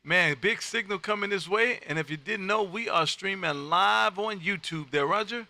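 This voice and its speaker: Loud, hearty ham radio host. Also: male voice, sits high, normal speed, heavy background noise. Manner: loud, hearty, repeats phrases, folksy. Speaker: ham radio operator and live-stream host. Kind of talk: calling CQ and chatting with contacts. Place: home radio room.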